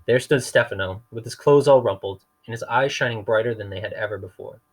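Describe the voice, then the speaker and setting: A man's voice: fairly low pitch, a little fast, hardly any pauses. Man reading a novel aloud, wry. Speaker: reader.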